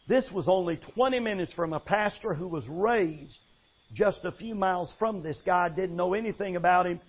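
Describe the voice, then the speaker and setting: High husky-voiced preacher. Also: male voice, normal speed. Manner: emphatic storytelling preaching. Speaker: pastor. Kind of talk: sermon. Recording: dull lo-fi sound.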